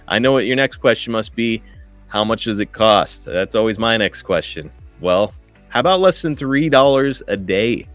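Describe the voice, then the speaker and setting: A man in his thirties with a fairly low, slightly bright voice co-hosts a podcast, talking at normal speed in an animated, casual and enthusiastic way, tossing out "dude" and "guys." The segment is an ad read and interview, recorded dry with faint music in the background.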